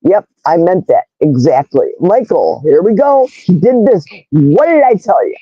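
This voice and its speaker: A woman's voice: lowish voice, very animated, a little slow, breathy edge, no echo, dull audio. A woman in her sixties hosting a casual livestream, rambling from one story to the next and reading viewers' chat comments aloud. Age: 60s. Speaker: livestream host.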